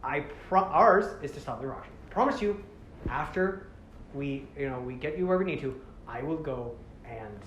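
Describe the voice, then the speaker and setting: A carefree male jungle hero who soars on the wind, breezy and cocky, his voice a touch high and bouncing as a man acts him out. It rings around an echoey room with a faint hum underneath. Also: animated, normal speed, fairly bright tone, dull audio. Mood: earnest.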